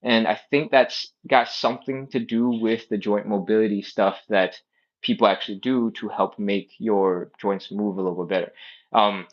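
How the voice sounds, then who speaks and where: A man coaches a live-streamed stretching class casually, rambling off into plenty of tangents as he explains. His fairly low voice is steady and moves at a normal speed, captured with lo-fi sound.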